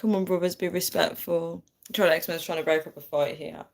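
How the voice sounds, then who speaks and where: A woman's voice: fairly low pitch, fairly even intonation, fairly quick, creaky. Chatty woman livestreaming on her phone. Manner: chatty, laughs often, addresses viewers warmly. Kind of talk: casual livestream chat with viewers.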